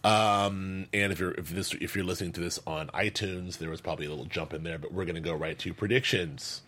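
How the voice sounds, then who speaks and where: A man from Los Angeles co-hosting a casual chat about a TV show, telling stories in a rambling, animated way with lots of restarts. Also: deep voice, a little fast. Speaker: co-host.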